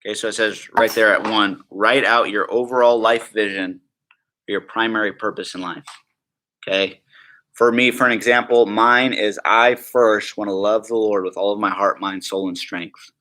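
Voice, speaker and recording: A man teaching a class at a prayer school in a casual, joking way, full of asides and quick check-ins with the room. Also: on the low side, fairly even intonation, sharp tone. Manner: chatty, joking, full of "like" and "right?".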